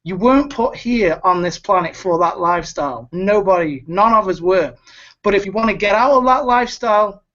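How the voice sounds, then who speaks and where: A man's voice: high voice, normal speed, pushed and bright. Urgent, pleading man on a lo-fi call. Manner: urgent, pleading, repeats words. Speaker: webinar host. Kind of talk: motivational pep talk. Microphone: video call.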